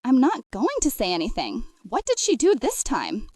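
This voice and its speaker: A woman voicing a patient small-town shopkeeper husband who coaxes gently and jokes dryly. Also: high-pitched, huge pitch swings, normal speed, no room sound, full character voice. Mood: coaxing. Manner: gentle, coaxing, dry humor.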